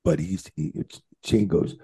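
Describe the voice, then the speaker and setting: Very animated yet measured in pace, a middle-aged man with a dark, very deep gravelly voice tells a road story as a podcast guest. He's a retired referee, and his casual telling wanders and is laced with profanity.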